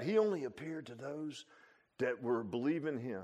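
A man preaching an informal sermon as pastor, animated and folksy, tossing in laughs and rhetorical asides. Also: mid-range voice, normal speed, husky.

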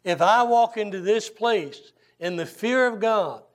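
An older man, a Baptist pastor preaching a sermon and telling folksy, animated stories. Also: high-pitched, unhurried. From Southern US. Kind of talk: sermon with storytelling.

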